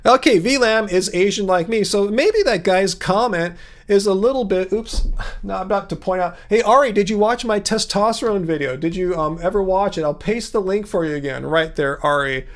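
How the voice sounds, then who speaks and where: A man in his fifties hosting a casual livestream from a home music studio, with a sing-song baritone voice that leaps high to stress words. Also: normal speed. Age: 50s. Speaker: livestream host.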